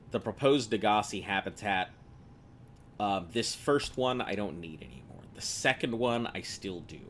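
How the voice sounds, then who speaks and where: An American man streams a video game, his lowish, slightly bright voice carrying a faint hiss or hum. He rambles casually, chats with viewers, and laughs at his own jokes.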